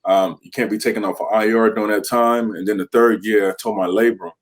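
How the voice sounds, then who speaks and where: A man's voice: fairly low pitch, steady tone, fast. A man in his thirties, a former pro football player, tells stories in a candid podcast interview and acts out the teammates he quotes.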